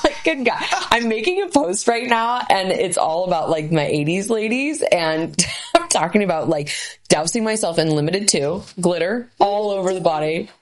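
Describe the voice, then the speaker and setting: A woman hosting a casual podcast chat as a health practitioner, explaining quickly with lots of fillers. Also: mid-range voice, lively intonation.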